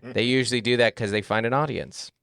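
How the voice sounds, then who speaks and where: A middle-aged man co-hosting a podcast, joking and bantering in a lively, quick way. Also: mid-range voice, vocal fry, clean tone, no room sound, clean studio sound. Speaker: podcast co-host and comedian. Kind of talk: casual chat.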